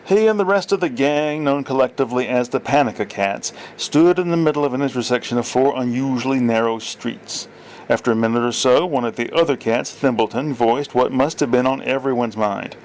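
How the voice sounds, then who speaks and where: A man's voice: mid-range voice, a little fast, slight background noise, rough recording. A man reading his own fiction aloud, plainly, with small slips and corrections.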